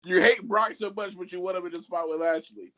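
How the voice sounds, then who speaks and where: A man's voice: sits high, fairly even intonation, fairly quick, sharp tone, highs cut off. A man co-hosting a casual wrestling podcast, teasing the others and questioning them. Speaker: podcast co-host.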